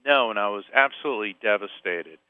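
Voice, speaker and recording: As a podcast guest, a psychic medium and author from Central Florida tells a personal story in a storytelling interview, animated and acting out the quoted voices. His voice is lowish, smooth and fast. The audio sounds like a phone line, dry with no echo.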